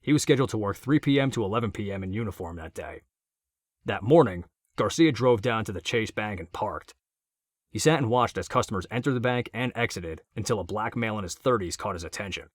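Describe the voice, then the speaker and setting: A man narrating an audiobook in a steady, matter-of-fact reading. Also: fairly low pitch, a little fast, dry recording, studio quality.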